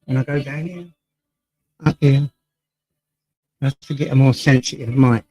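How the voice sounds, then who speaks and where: A man's voice: mid-range voice, fairly even intonation, measured pace, warm tone, no echo, rough recording. An English man hosting a casual live stream from home, greeting viewers by name and reading the chat aloud, sometimes drifting away from his desk mic. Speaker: livestream host. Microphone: desk mic, sometimes off-axis.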